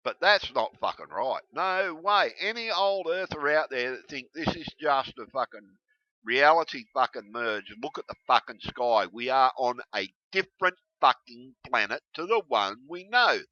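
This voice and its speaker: Swearing, ranting man, lively and bright. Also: mid-range voice, normal speed, no echo. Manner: heated, swearing constantly, yelling bursts. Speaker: video blogger. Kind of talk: angry profane rant to camera. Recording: dull lo-fi recording.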